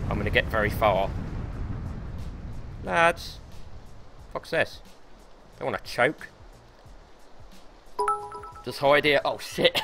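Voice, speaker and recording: Excitable young streamer, bright voice. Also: male voice, medium pitch. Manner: excitable, swears a lot, talks to himself. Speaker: gaming streamer. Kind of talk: live gameplay commentary.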